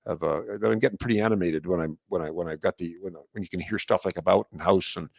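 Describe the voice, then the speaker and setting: Canadian man, host, gravelly, dry close sound, rambling with fillers, gets animated. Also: sits low, fast, no echo. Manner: rambling, many restarts and fillers; gets animated and louder when fired up. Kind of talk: casual solo update.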